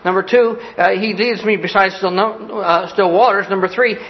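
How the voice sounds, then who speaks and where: High-voiced preaching man, lo-fi. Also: fairly even intonation, moderate pace. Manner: swings from loud urgent bursts to soft hushed lines; folksy, talks straight to the listeners. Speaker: pastor. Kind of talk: sermon.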